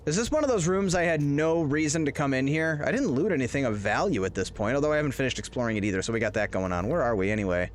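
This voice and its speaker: A man's voice: mid-range voice, expressive, quick pace, few pauses, slight background noise. A man streaming a horror game live, rambling and joking as he plays and chatting with his viewers. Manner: rambling, jokey, talks to chat. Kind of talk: casual live-stream commentary.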